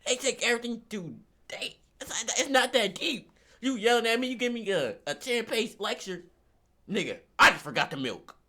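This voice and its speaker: A man's voice: very high voice, animated, normal speed, pushed and bright. A man venting in a rant, exasperated, repeating himself and swinging from mutters to outbursts.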